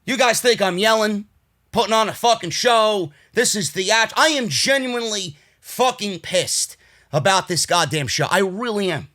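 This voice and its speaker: Fired-up male show reviewer, New York accent, high bright voice, profane rants that boil over into shouting. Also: expressive, normal speed. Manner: furious profane ranting, swinging between shouting and weary grumbling. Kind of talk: angry ranting show review.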